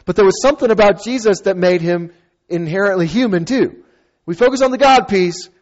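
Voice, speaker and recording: A man preaching a sermon as a pastor, conversational and animated, with playful asides and acted-out quotes. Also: high-pitched, fairly quick, lo-fi sound.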